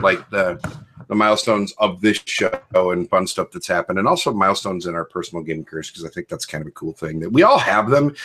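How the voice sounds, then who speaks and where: Playful man hosting a podcast. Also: on the low side. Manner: playful, joking, animated. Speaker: podcast host. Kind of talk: casual group chat.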